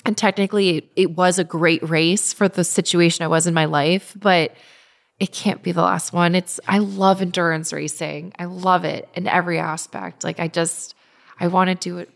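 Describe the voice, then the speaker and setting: A woman in her thirties, a guest telling stories in casual, animated chat, often restarting her sentences. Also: on the low side, normal speed, creaky. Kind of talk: casual conversational storytelling.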